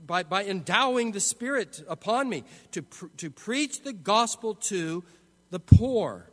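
A man's voice: sits high, animated, a little slow, a bit bright. A man preaching an expository sermon, emphatic, often restarting his phrases. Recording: long hall reverb.

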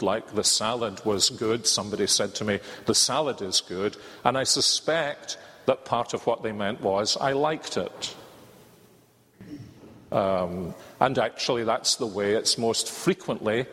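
A man preaching a sermon, speaking slowly and deliberately with thoughtful pauses and dry humour. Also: lowish voice, fairly bright tone. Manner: slow, measured, with thoughtful pauses and wry asides. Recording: long reverb of a large hall.

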